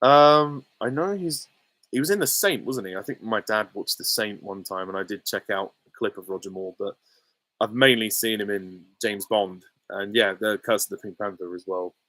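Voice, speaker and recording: A man with a lowish voice, talking casually through viewer questions on a livestream. He rambles, restarts and fills gaps with ums. The sound is dry and close, with no room around it. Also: moderate pace, bright, forceful tone, no echo, rough recording. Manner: rambling, many fillers and restarts. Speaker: YouTube host answering viewer questions.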